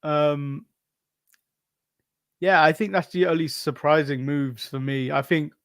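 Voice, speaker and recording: A man co-hosting a casual wrestling podcast, laughing often and pausing on fillers. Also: fairly high pitch, smooth, dry recording, studio quality. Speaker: podcast co-host.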